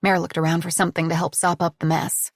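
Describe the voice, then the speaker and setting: A woman narrating an audiobook in a measured, descriptive reading. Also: fairly low pitch, flat delivery. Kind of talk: scripted narration.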